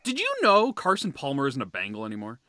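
A man co-hosting a podcast in a relaxed, chatty way, with a bright, forward tone. His pitch moves a lot as he reacts and reads listener questions. The sound is dry and close. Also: quick pace, no echo. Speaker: podcast co-host. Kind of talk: casual chat.

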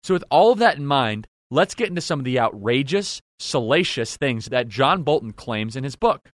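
A man's voice: medium pitch, sing-song, moderate pace, no room sound, clean studio sound. A man hosting a political commentary show, delivering an indignant, sarcastic monologue full of rhetorical questions.

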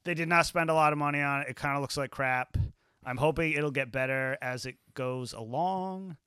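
A man hosting a podcast in casual chat, swearing freely and acting out scenes with quick quoted voices. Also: fairly high pitch, bright, forceful tone, smooth, no room sound, clean studio sound. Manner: profane, rambling, acts out scenes in quotes. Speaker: podcast host.

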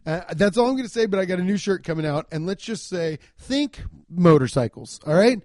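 A man's voice: high voice, animated, a little fast, darkish tone, dry recording. A man from Cincinnati hosting a comedy podcast, talking loosely and profanely and restarting his sentences often. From Cincinnati, USA. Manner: rambling, profane, repeats words as he restarts. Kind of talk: casual podcast rant.

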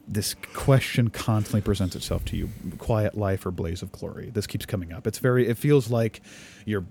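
A man's voice: on the low side, mellow. A man co-hosting a podcast in casual chat, explaining his view at length with restarts and the odd swear. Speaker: podcast co-host.

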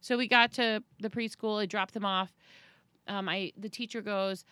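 A woman's voice: fairly even intonation, normal speed, sharp tone, dry recording. Chatty woman telling a story, dry mic. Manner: chatty storytelling, acts out quotes with big pitch jumps. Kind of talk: casual chat.

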